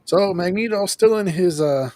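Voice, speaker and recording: A man hosting a show, casually recapping an episode in an animated way, acting out lines and laughing often. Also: high voice, moderate pace, no room sound. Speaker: host of a show reviewing an episode.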